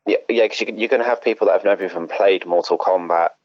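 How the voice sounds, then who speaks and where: A man's voice: sits low, quick pace, no room sound, highs cut off. A man co-hosting a podcast, chatting casually, exasperated and swearing, laughing often. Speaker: podcast co-host. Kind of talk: casual chat.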